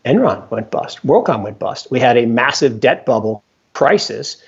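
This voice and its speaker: A man's voice: mid-range voice, very animated, moderate pace, breathy edge. Emphatic man on a dull lo-fi line. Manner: emphatic, repeats points, acts out quotes. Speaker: investment fund founder, guest. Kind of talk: animated market commentary. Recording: dull lo-fi sound.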